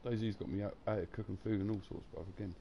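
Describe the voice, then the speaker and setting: A man's voice: lowish voice, steady tone, very fast, gravelly, dull audio, a little hiss or hum. A man, chatting casually on a live stream in a blunt, slangy way that is full of swearing.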